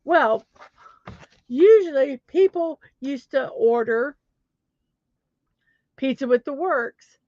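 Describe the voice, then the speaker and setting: Southern lady chatting slow, bit high voice, giggly and self-deprecating, dry muffled sound. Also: animated, dry recording. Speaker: host of a daily positivity show. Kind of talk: casual solo chat.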